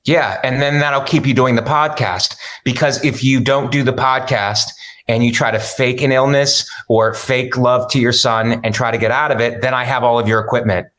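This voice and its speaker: A man's voice: medium pitch, steady tone, moderate pace, a bit bright. A man bantering as co-host of an improvised comedy podcast, earnest and mock-motivational, speaking through a laptop on a video call without a microphone.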